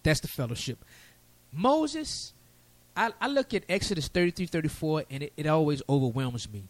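A man preaching a sermon, lively and folksy with casual asides. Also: on the high side, moderate pace, no room sound.

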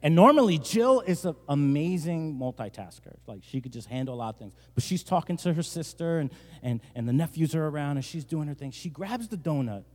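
A male pastor from New Jersey preaching a sermon, telling a joking story and rising to loud, emphatic bursts. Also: a little high, lively intonation, a little fast. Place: large church hall. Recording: long church-hall reverb.

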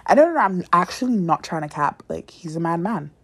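With a fairly low, breathy-edged voice and a brisk, sing-song delivery, a young woman hosting a podcast dramatically tells listeners about a date, blunt and profane, slipping into near-whispers for asides.

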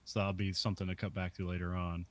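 A man's voice: sits low, monotone, fast. A man co-hosting a podcast, casually recapping film scenes and chuckling often. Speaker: podcast co-host.

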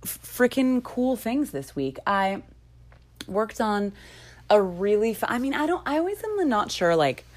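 A woman's voice: fairly high pitch, big pitch swings, a little slow, darkish tone. A young woman hosting a podcast in casual chat, talkative and prone to tangents, laughing often. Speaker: podcast host.

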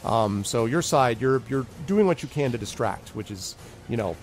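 A man's voice: mid-range voice, lively intonation, normal speed, soft background music. A man narrating a tabletop game as game master, rambling with many fillers as he describes the action.

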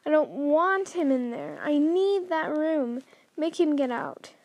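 Spoiled demanding boy, voiced by a woman reader, whiny, pitched up and drawn out, dry close sound. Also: animated, slow pace, darkish tone, dry recording, exaggerated voice. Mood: bawling. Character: spoiled bawling young boy.

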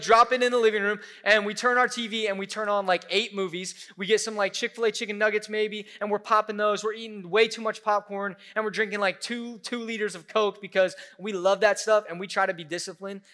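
A young male pastor gives a sermon in an easygoing, chatty way, with lots of "like"s. His voice sits high and bright. He acts out the reactions of his stories. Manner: casual and animated, many "like"s, acts out reactions.

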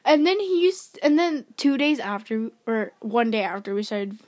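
A young woman casually retelling a dating story, giggling and quoting text messages in a flat voice. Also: fairly high pitch, normal speed. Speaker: co-host. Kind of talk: casual gossip chat.

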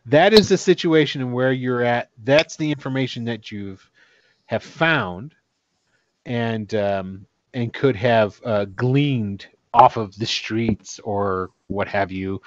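A man's voice: medium pitch, measured pace, no echo. A man narrating a tabletop game as game master, loose and chatty. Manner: loose, chatty, laughs often. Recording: dull, dry recording.

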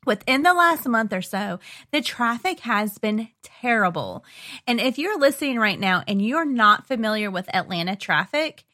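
A woman co-hosting a casual chat, bubbly and quick to laugh. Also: a little high, lively intonation, sharp tone. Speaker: podcast co-host.

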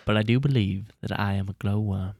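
A man doing a slow, drawn-out impression of a pompous old statesman. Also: fairly low pitch, steady tone, creaky, a little mellow, no echo. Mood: grandiose. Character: pompous old male statesman declaiming slowly.

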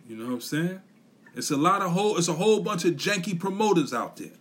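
A man's voice: high voice, sing-song, fast, husky. A man on a podcast giving a blunt, profane, repetitive motivational rant, full of slang. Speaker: podcast host.

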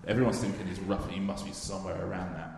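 A man's voice: deep voice, steady tone, very fast, gravelly, darkish tone. A man hosting a live comedy podcast, running a playful quiz and teasing his guest. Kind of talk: live stage chat quiz. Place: live theatre venue with audience. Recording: echoey hall, audience laughter, noise.

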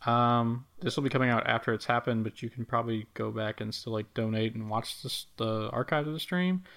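A man's voice: mid-range voice, brisk, creaky, fairly bright tone. Laid-back man co-hosting a podcast. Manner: laid-back, rambling, filler-heavy. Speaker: podcast co-host. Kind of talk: casual chat.

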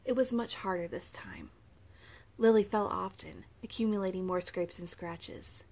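A woman narrating a novel as an audiobook reader, in an even, clear reading voice. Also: on the low side, normal speed.

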